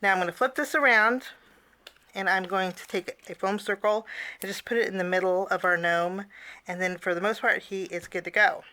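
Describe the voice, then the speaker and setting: A woman's voice: mid-range voice, steady tone, moderate pace, pushed and bright. A woman teaching a casual cardmaking tutorial, chatty, with personal asides and frequent fillers.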